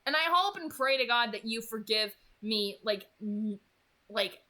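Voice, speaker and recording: Bright-voiced chatty young woman recapping. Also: a little high, lively intonation, measured pace. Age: 20s. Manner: chatty, gushing, full of "like" and "you know" fillers. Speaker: read-aloud channel host. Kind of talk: casual chapter recap and commentary.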